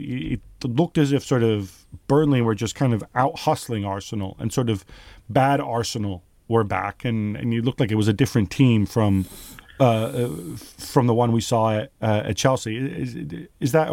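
A man hosting a casual football podcast, leading the talk with quick, teasing questions. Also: mid-range voice, a little mellow, dry recording. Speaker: podcast host.

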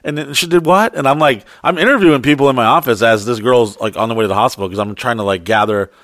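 Profane, animated storytelling man. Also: fast, no echo, clean studio sound. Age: adult. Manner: profane, animated, acts out quotes in high voices. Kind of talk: casual storytelling chat.

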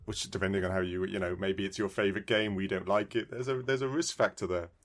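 A man's voice: sits low, steady tone, fast. A British man co-hosting a podcast, bantering and poking fun at himself in casual chat. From Britain. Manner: joking, self-deprecating banter. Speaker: podcast co-host.

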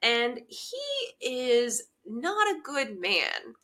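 A young woman co-hosting a casual recap chat, eager and agreeable, quick to chime in. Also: fairly high pitch, huge pitch swings, sharp tone. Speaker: podcast co-host.

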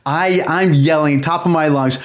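A man co-hosting a podcast, telling a story in a casual, animated way and laughing often. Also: a little high, normal speed. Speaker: podcast co-host. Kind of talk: casual chat.

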